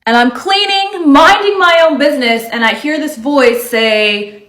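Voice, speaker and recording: A woman's voice: high voice, lively intonation, normal speed, few pauses, fairly bright tone. Chatty woman in an echoey room. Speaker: energetic healer. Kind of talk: casual storytime.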